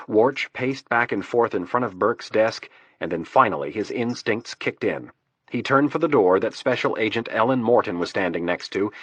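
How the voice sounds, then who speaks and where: A male narrator reads a thriller audiobook at a steady, measured pace. His voice is low and husky, recorded close on a studio mic. The sound is dry, with no room echo. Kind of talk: scripted narration.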